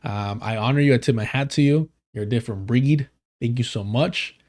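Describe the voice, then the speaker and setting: A man's voice: mid-range voice, brisk, a little mellow. A man streaming live, reading an article aloud and commenting casually, swearing and stumbling over names.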